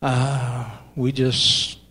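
An older man shares a personal testimony at a church gathering. He speaks earnestly and haltingly, with frequent pauses and fillers. His voice sits at an ordinary middle pitch. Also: completely flat delivery, bright, forceful tone, husky. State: emotional, voice breaking. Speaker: church member giving a testimony.

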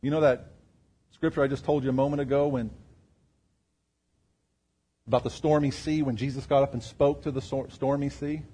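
A man preaching a sermon, firing rhetorical questions at the congregation and swinging between loud emphatic bursts and quiet, low asides. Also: fairly even intonation, moderate pace, long pauses, slightly rough. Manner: asks the crowd rhetorical questions. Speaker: pastor.

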